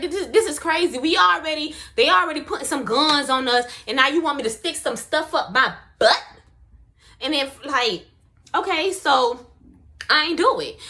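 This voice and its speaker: A young woman, telling a personal story in a casual, slangy and expressive way. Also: high voice. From Miami, US. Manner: animated, slangy, expressive retelling.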